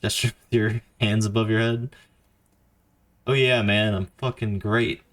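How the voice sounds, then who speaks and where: A man's voice: on the low side, little pitch movement, unhurried. A young man streaming a game for the first time, joking and reading dialogue choices aloud. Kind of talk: casual let's-play commentary.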